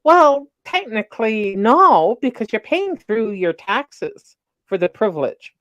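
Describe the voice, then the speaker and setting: A woman's voice: a little high, very animated, takes it slowly, fairly bright tone, dry recording. A woman guest in a casual panel chat, talking in an agreeable, frank and conversational way.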